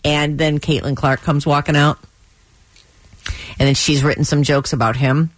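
A woman's voice: sits low, steady tone, moderate pace, no room sound. A woman radio host chatting casually on air, recapping a comedy show with exasperated asides.

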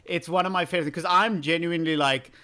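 A man's voice: on the high side, steady tone, fast, sharp tone. A man hosting a casual chat, jokey and casually swearing.

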